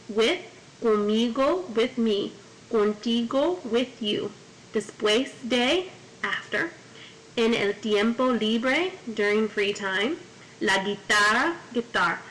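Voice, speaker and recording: A woman's voice: a little high, fairly bright tone, a little hiss or hum, poor audio. A woman teaching a Spanish class, reading each phrase in Spanish and then in English, and adding memory tips. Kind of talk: classroom vocabulary lesson. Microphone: corded mic.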